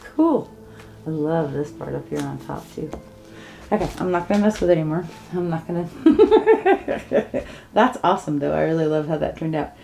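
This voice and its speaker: A woman's voice: sits low, lively intonation, moderate pace, gravelly, warm tone, soft background music. A woman hosting her art channel, chatting casually and gushing with laughs through a paint-pouring demo. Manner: bubbly, gushing, laughs often. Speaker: acrylic pour artist hosting her channel. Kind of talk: casual craft demo chat.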